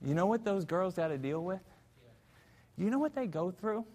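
A man preaching a sermon as pastor in a church, telling a story fervently, swinging between loud and hushed. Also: sits high, animated, normal speed, big-room sound. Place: church sanctuary.

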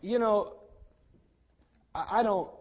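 Male pastor, high-voiced, impassioned sermon delivery, dull lo-fi church recording. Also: slow, breathy edge. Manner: impassioned preaching with big swings in loudness.

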